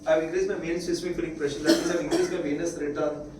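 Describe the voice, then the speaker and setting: A man's voice: on the high side, level tone, background noise. A man with an Indian English accent giving a classroom lecture, repeating key points and asking the students if they follow. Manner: repetitive, checks understanding with quick questions. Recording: echoey room, mic far off.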